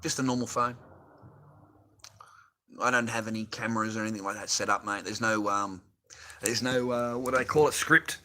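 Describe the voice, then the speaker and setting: Casting: Australian man, middle-aged, livestream host, bright, sweary and chatty, phone mic. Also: lowish voice, steady tone, normal speed, pauses often. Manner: rambling, profane, laughing often. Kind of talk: casual livestream chat. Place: garage workshop. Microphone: phone on a holder.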